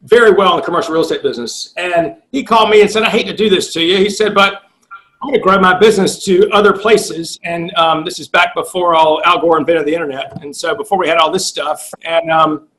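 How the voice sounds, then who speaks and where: Middle-aged man with a high voice, a blunt and profane sales coach telling a story. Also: a little fast, pushed and bright, poor audio. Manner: blunt and profane, acts out quoted dialogue. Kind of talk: storytelling interview guest.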